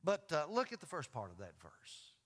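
Give me a high-voiced man preaching an emphatic sermon in a church with a long echo. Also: huge pitch swings, moderate pace, a bit bright. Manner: emphatic, asks the audience questions. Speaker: pastor. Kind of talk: sermon with scripture reading.

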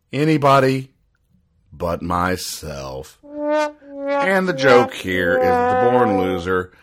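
Male comedy host, low voice, deadpan and rambling, mock-serious explainer of comic strips. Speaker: podcast host.

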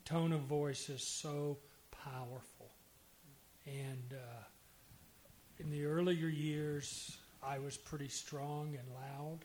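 Older man, slightly high voice, very slow, reflective, earnest storytelling, faint hiss. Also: fairly even intonation, darkish tone. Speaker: panel guest, former pastor. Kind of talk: personal storytelling. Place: church.

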